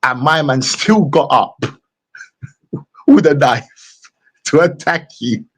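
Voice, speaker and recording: A husky-voiced man with a London accent rants on a live stream. His pitch swings widely, and he repeats his jabs over and over in a mocking way. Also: takes it slowly. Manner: mocking, repetitive, animated. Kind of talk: casual live-stream rant.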